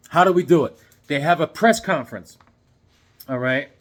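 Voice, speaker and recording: Animated man recapping comics. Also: on the high side, normal speed. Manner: animated storytelling, acting out characters; frequent fillers and restarts. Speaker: comic book reviewer. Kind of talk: casual comic book recap.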